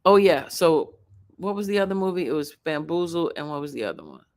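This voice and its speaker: A woman's voice: sits low, lively intonation, a little fast, darkish tone. A woman from Chicago with a suburban Chicago accent, hosting a rambling, chatty reaction video and talking straight to her viewers. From Chicago, USA. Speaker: host. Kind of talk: casual reaction commentary.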